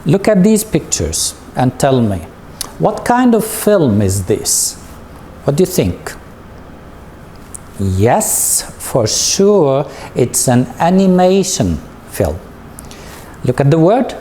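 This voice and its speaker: Guy teaching english slowly, lots of up and down in his voice, asks the class stuff, soft noise underneath. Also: on the high side. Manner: patient, drawn-out, leads with questions. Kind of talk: slow recorded classroom lesson.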